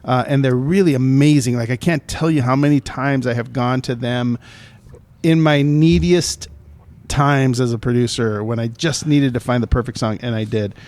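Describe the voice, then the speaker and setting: A man's voice: medium pitch, fairly even intonation, normal speed, darkish tone. A man co-hosting a podcast, a film producer explaining the business side in a loose, rambling way, often correcting himself mid-sentence. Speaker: podcast co-host. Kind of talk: casual podcast chat.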